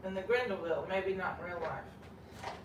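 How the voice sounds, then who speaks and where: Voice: mid-range voice, normal speed. A channel host chatting in a rambling, self-correcting way, heard from a distance in a roomy space. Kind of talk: casual chat. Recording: roomy, distant, faint noise.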